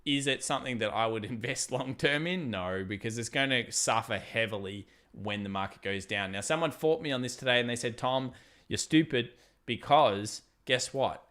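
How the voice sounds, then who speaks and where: A man talks through stock charts on a live stream, loose and chatty, and his voice often jumps higher when something excites him. The tone is smooth and clear, with a mid-range pitch for a man. He sounds young and relaxed at a desk mic. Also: a little fast, hardly any pauses. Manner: chatty, animated, reads viewer super chats aloud. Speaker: livestream trading host.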